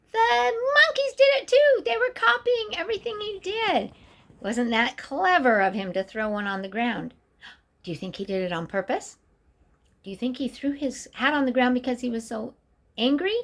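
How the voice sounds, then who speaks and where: An older woman reading a picture book aloud to children, expressively, and pausing to ask the listener questions. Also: a little high, animated. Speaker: storyteller.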